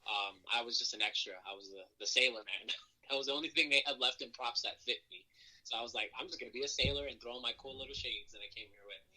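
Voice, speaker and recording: A man, a professional wrestler as interview guest, telling backstage stories in a casual, lively way and acting out what others said. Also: medium pitch, fast, low-quality recording. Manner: lively storyteller who acts out quoted voices.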